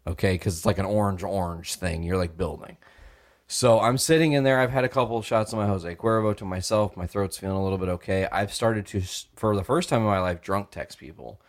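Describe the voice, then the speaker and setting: A young man co-hosts a podcast, spinning a long, profane story and performing the voices of the people in it. His voice sits low and moves at a fairly quick clip as he tells it with animation.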